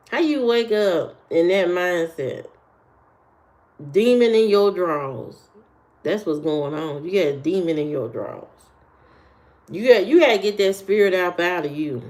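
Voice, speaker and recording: Slow-talking sassy lady on a live stream, clapping back at chat. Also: medium pitch. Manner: sassy, talks back at trolls. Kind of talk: casual live-stream chat answering comments.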